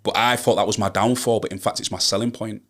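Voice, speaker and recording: A man's voice: lowish voice, steady tone, fast talker, a bit bright. A young man with a Yorkshire accent, a rapper from Hull, talking earnestly and emphatically in a casual interview. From Hull, Yorkshire, England. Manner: earnest, emphatic, builds to rallying advice. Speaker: rapper, guest.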